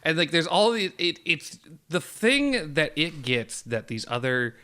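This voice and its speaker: A man's voice: on the high side, sing-song, measured pace, bright, forceful tone, clean tone. A man co-hosting a podcast, talking in an emphatic, enthusiastic and casually profane way. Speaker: podcast co-host. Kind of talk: casual chat.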